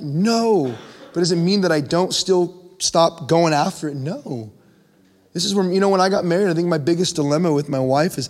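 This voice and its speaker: A young man preaching a conversational sermon, his voice climbing in pitch when he presses a point. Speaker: pastor. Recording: long hall reverb.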